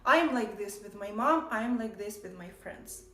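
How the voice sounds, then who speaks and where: A woman's voice: medium pitch, expressive, moderate pace, a bit bright. Blunt, irritated woman streamer, echoey room. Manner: blunt, irritated, lecturing chat. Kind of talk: casual live stream chat.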